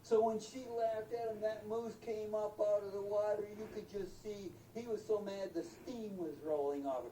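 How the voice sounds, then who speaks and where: An older storyteller telling a folksy tale aloud, animated and acting out voices and sounds, recorded from a distance in a roomy space. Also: mid-range voice, normal speed. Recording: roomy, distant mic, faint noise.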